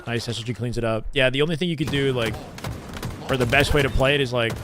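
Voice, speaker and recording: A Canadian man chatting casually on a live stream, relaxed and full of fillers as he reacts to matches. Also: mid-range voice, quick pace, noisy background. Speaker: streamer and esports co-caster.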